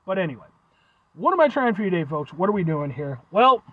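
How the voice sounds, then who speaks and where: A man's voice: high-pitched, quick pace, no echo, phone-quality sound. Congested, chatty man vlogging in his truck. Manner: rambling, chatty, animated. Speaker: food review vlogger. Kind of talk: casual vlog chat.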